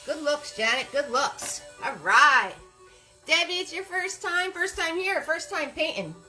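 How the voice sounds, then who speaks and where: A woman's voice: sits high, expressive, unhurried, pushed and bright, soft background music, low-quality recording. A woman hosting a live-streamed painting class, upbeat and greeting viewers by name as they join.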